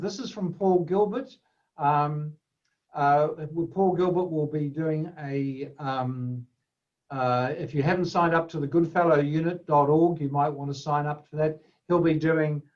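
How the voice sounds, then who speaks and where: A man's voice: on the high side, darkish tone. A man presenting a webinar lecture, conversational and full of fillers and restarts. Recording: dull lo-fi webinar audio.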